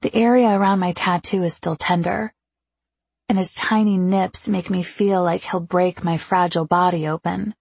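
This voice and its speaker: A woman reads a first-person romance aloud with slow, intimate delivery. Her voice sits low and husky, with a gravelly edge at the ends of lines. The sound is close and dry. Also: fairly even intonation, a little mellow, no room sound. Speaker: audiobook narrator.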